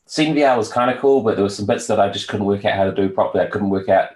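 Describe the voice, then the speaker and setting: Low-voiced New Zealand man, echoey room. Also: fast. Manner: relaxed, hesitant with many fillers. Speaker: guest, virtual world founder. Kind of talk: casual interview chat.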